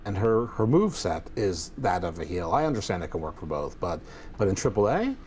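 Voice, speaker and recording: A man with a low voice gives blunt wrestling opinions and drops dry sarcastic remarks. A faint hiss sits under his audio. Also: very animated, brisk, a little mellow. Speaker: podcast co-host. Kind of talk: casual opinionated chat.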